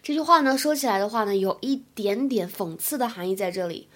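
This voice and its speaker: A young woman, an English teacher, explaining phrases patiently and drilling them slowly in a spoken lesson. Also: mid-range voice, lively intonation.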